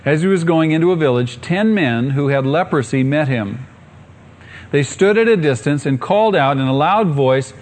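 A middle-aged male pastor preaching a sermon, rising to excited calls and asking the congregation questions. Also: on the high side, moderate pace.

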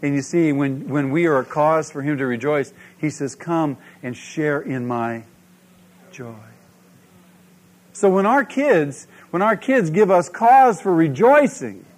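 High-voiced male pastor preaching. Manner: animated preaching, asks the congregation questions. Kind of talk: sermon.

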